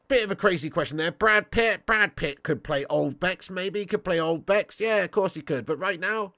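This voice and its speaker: A man's voice: on the high side, a bit bright, no echo, studio quality. A man hosting a football fan stream, chatting bluntly with viewers and swearing freely, with a stuffy nose. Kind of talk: casual live-stream chat reading viewer comments.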